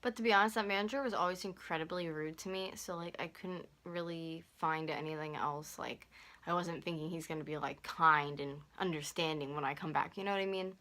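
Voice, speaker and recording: A young woman in her twenties tells a storytime to her camera at home. Her voice sits a little low yet comes out bright and forceful. She talks fast and heatedly, packing in "like" as she goes. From North America. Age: 20s. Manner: fast, heated retelling full of "like". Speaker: YouTuber. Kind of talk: storytime vlog. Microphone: camera on a stand.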